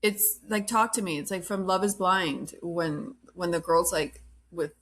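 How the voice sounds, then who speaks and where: A woman's voice: fairly low pitch, unhurried, a little hiss or hum. A woman hosting a podcast, giving a casual and blunt recap of reality TV, often saying "like.". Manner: blunt, opinionated, peppered with "like". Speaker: podcast host.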